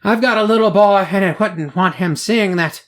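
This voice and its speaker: A man doing a worried young local mother with a broad put-on Irish accent, a little higher than his own voice. The accent is hammy and clearly mock. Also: moderate pace, crowd noise, natural voice. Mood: concerned.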